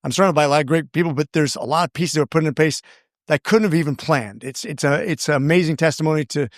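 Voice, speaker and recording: Guy on a podcast rambling earnestly, kinda high voice, dry close sound. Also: quick pace, dry recording. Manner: earnest, rambling, with many restarts. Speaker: congressman guest. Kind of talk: casual interview storytelling.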